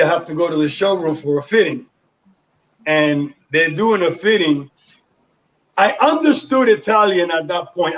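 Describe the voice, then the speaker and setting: Older man from Panama, a high voice on a dull lo-fi recording, animated storyteller. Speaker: guest. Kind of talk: storytelling interview. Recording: dull lo-fi sound.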